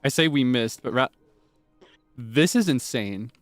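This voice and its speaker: A man streaming live gameplay commentary, excitable and chatty, laughing often and swinging between hushed asides and high squeals of delight. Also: unhurried, dry recording, faint music behind.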